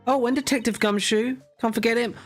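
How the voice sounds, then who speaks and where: Man reading as an earnest young defense lawyer, plain, even delivery. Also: very high-pitched, brisk, faint music behind, voice pushed up. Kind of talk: reading game dialogue aloud.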